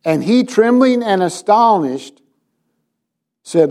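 High-voiced man preaching a sermon. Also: animated, a little slow, a little mellow. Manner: dramatizes scripture with quoted voices; asks the congregation direct questions. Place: church.

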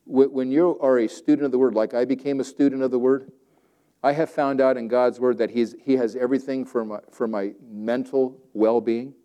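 A male pastor preaching a sermon, swinging between loud emphatic declarations and quiet, conversational asides. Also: medium pitch, steady tone, a little fast, smooth, muffled recording.

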